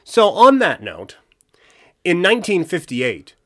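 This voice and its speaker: A man co-hosting a casual history podcast, relaxed and jokey, with crude asides. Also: high voice, a little slow. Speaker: podcast co-host.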